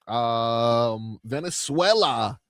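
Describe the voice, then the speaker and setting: A man's voice: mid-range voice, expressive, drawn-out words, no room sound, clean studio sound. A man co-hosting sports talk radio, laid-back and joking in casual banter.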